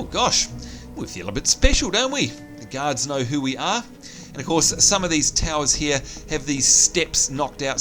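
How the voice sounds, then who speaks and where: Chatty gamer narrating gameplay. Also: male voice, a little high, fairly bright tone. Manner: chatty, enthusiastic, narrating what is on screen. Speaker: gameplay commentator. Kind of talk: let's play commentary.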